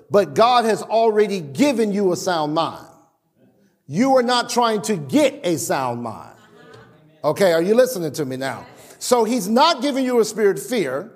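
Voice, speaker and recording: A man preaching a sermon, animated, with stammered restarts and acted-out quotes. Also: high voice. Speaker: pastor. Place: church sanctuary. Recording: long church reverb.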